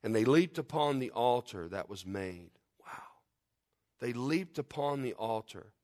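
Male preacher, fervent, emphatic sermon delivery with quiet prayerful stretches. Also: medium pitch, lively intonation, measured pace. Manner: fervent, rising to loud emphatic peaks then dropping quiet; reads scripture in King James wording. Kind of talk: sermon with scripture reading and prayer.

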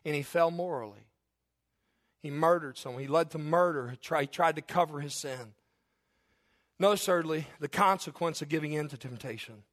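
A high-pitched male preacher delivering a sermon. He reads scripture slowly in a lowered voice, then rises loud and high for emphasis. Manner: swings from low measured scripture reading to loud rising emphasis. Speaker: pastor.

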